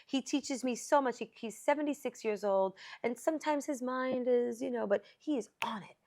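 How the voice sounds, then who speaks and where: A woman's voice: a little high, normal speed, darkish tone. A woman hosting a podcast in casual interview chat, talkative and earnest, with lots of "like" in her speech. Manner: chatty, fillers of "like", earnest and open. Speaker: podcast host. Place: studio.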